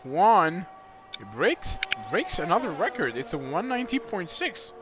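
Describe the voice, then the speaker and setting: A man commentating a racing league live, excitable and chatty. His voice sits fairly high and swings widely as he rambles and trips over his words. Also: measured pace, over music.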